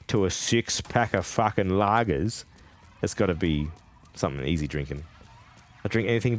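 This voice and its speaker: An Australian man streaming a game, chatting casually with viewers, rambling, laughing often and swearing freely. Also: fairly low pitch. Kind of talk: casual live-stream chat while gaming.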